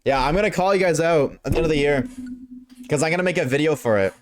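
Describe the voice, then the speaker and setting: A young man streaming live, reading chat and reacting in a casual, slangy, excitable way, swearing freely. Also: a little high, fast talker.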